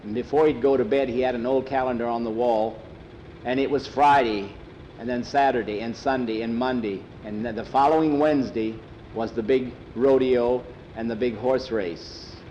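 Unhurried male storyteller. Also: medium pitch, steady tone, warm tone, lo-fi sound, slight background noise. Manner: plain, unhurried, homespun narration. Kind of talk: oral storytelling.

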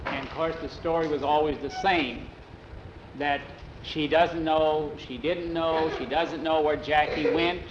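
Man, storyteller, animated, rambling, somewhat high voice, faint background noise. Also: measured pace, echoey room, lo-fi sound. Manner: animated, digressive, repeats "he said". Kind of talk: oral storytelling.

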